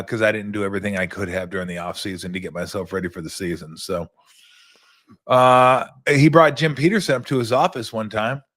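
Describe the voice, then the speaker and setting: A middle-aged man hosting a talk show and telling an animated story, often repeating words as he goes. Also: on the low side. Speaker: host, former basketball player. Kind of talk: casual storytelling.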